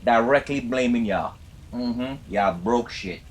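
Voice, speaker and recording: A man's voice: medium pitch, takes it slowly. A man live-streaming a game, chatting casually and swearing while he teases his chat from his home gaming chair. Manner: hyped, profane, teasing his chat. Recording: noisy background.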